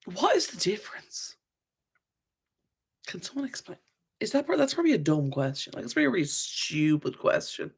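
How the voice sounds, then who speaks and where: A woman chatting through a live Q&A with her viewers. She talks loosely and warmly off the cuff, stopping to react to comments with a quick laugh. Her sentences wander and restart as she thinks out loud. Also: lowish voice, big pitch swings, husky. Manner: chatty and rambling, reading viewer comments aloud; laughs often, many fillers and self-corrections. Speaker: channel host. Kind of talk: live-stream Q&A chat.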